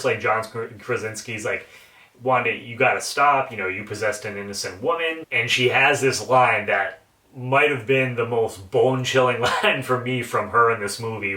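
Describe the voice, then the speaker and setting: A man giving a casual, excited spoiler review of a film, swearing freely as he recaps scenes. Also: on the low side, far from the mic. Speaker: movie reviewer. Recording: roomy echo, a bit off the mic.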